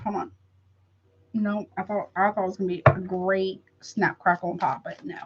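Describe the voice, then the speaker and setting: A woman's voice: mid-range voice, little pitch movement, moderate pace, highs cut off, a little hiss or hum. A woman reading tarot in a casual livestream, chatty and frank, calling her viewers honey and baby with rambling asides. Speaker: tarot reader.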